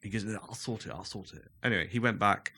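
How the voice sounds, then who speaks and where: A man's voice: lowish voice, fast talker, sharp tone, husky. A man in his thirties, telling anecdotes on a casual podcast, acting out the people he quotes and laughing often. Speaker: guest.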